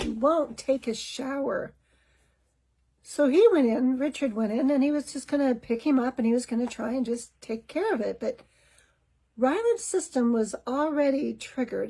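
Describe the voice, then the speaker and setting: A woman with a somewhat high, husky voice tells a personal story from her own family life. She speaks candidly and reflectively, examining her own reactions, and clears her throat now and then. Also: normal speed, mellow, rough recording. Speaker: podcast host.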